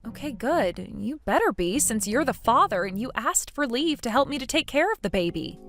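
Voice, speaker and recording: A woman voices a pregnant young wife, polite and hesitant with small stammers. Her fairly high voice moves in a lively way. A text message story reading over faint music. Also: moderate pace. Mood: firm.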